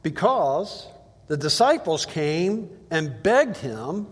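Speaking slowly in a husky, slightly high voice, a man teaches from the Bible in a relaxed, conversational style. He's very animated, reading passages aloud and repeatedly posing rhetorical questions, and a long reverb suggests a large hall.

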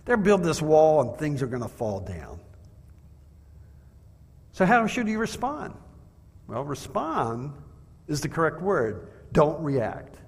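Man preaching a sermon with measured rhetorical questions; fairly high voice, recorded in a large reverberant hall. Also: sing-song, slightly rough.

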